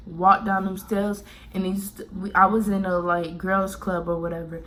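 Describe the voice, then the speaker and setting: A woman's voice: medium pitch, normal speed, sharp tone. A woman from Miami telling a personal story in a casual, rambling way, full of fillers and restarts. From Miami, Florida.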